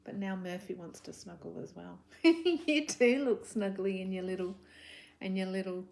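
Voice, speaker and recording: A woman teaching young children about words and sounds with a puppet, gentle and encouraging, sounding out letters and sometimes whispering softly. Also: mid-range voice, gravelly. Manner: gentle, encouraging, slow and drawn out. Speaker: children's literacy presenter. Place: home living room.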